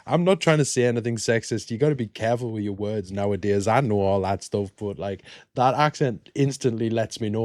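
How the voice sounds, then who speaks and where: A man's voice: medium pitch, a little fast, darkish tone, no room sound, clean studio sound. A British man hosting a reaction video, chatting casually and joking in rambling asides. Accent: British English. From Britain.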